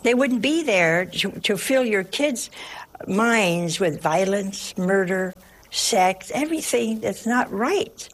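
Woman preacher, gravelly voice, emphatic and homespun, given to funny anecdotes and hushed asides. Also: mid-range voice, expressive, slow. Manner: humorous storytelling. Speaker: religious teacher. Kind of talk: folksy sermon with anecdotes.

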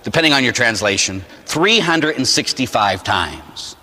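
A man from Pittsburgh, a Catholic priest, telling a personal story as a sermon in an animated, humorous way, acting out the scenes. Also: medium pitch, unhurried, big-room sound. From Pittsburgh, USA.

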